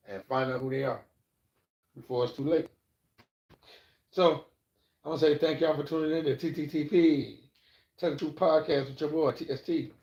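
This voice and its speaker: A man's voice: mid-range voice, a little mellow, lo-fi sound. Blunt, profane man preaching in an echoey room. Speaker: podcast host. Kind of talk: livestream monologue giving life advice.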